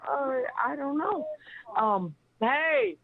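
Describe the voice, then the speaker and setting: A woman in her sixties calling into a talk show, rambling excitably and swearing freely. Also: sits high, extremely slow, no room sound. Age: 60s. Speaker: caller. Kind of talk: casual phone-in chat. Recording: tinny phone line, dry.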